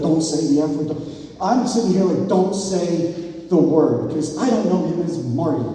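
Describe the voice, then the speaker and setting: Rambling man giving a wedding toast. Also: a little high. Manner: rambling, joking, sentimental, shouts out crowd cheers. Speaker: wedding toast speaker, groom's friend. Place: wedding reception hall. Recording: echoey hall, mic from a distance.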